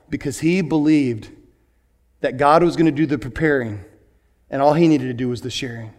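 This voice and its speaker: A pastor preaching a sermon in an animated way, moving from hushed asides to excited bursts. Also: male voice, medium pitch.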